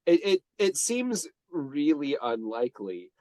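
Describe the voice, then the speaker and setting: A man's voice: a little high, big pitch swings, a little slow, a little mellow, no room sound. Give me a chatty man on a movie podcast, dry studio sound, rambling and giggly. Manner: rambling, restarts, laughs often. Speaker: podcast co-host. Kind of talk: casual movie chat.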